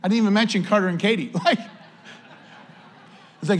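Male pastor, 50s, grandfather, fervent church prayer, slightly high voice. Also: brisk, long pauses, fairly bright tone. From United States. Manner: fervent, repetitive prayer with rising emphasis. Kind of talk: sermon.

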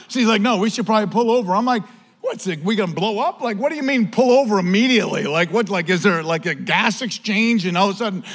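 A male pastor with a Western New York accent, telling a personal story in a casual, animated sermon style. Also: high voice, fast. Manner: animated, conversational, says "man" often.

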